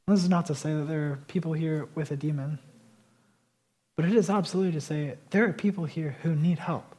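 A man preaching a sermon as pastor, swinging between emphatic loud declarations and quieter conversational asides. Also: a little high, a little fast, slightly rough.

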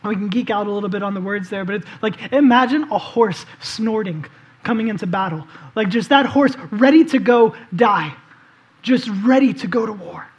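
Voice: mid-range voice, normal speed, highs cut off. A preacher giving a conversational sermon, telling a scripture story vividly and inviting listeners to picture the scene, with casual fillers along the way. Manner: casual, with frequent "like" and "um".

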